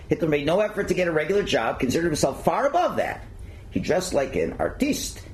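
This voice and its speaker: Guy lecturing at a shul, reads from notes then riffs with lots of uh's, pitch jumps around a lot. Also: darkish tone, slight background noise, poor audio. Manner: reads passages aloud, then comments with fillers. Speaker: rabbi lecturer. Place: synagogue learning centre.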